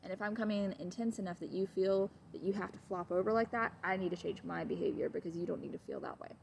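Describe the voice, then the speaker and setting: A woman's voice: fast talker, creaky, darkish tone, slight background noise. A woman dog trainer giving a casual, chatty video lesson at home, wandering into asides. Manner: chatty, digressive, switches to high baby talk with her dog. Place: at home with her dogs.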